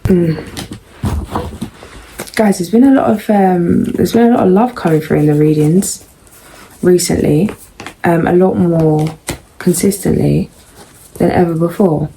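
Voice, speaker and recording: A woman doing a casual tarot reading, musing and unhurried, with frequent pauses and ums. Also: lowish voice, creaky, warm tone, a little hiss or hum, poor audio. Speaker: tarot reader.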